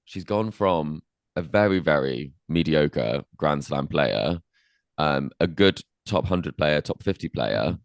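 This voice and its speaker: A man's voice: a bass voice, slow, creaky, no echo, studio quality. A man co-hosting a sports podcast, chatting casually and interviewing a guest, with frequent ums and I means. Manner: relaxed, with many ums and I means. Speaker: podcast co-host. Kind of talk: casual tennis chat and interviewing.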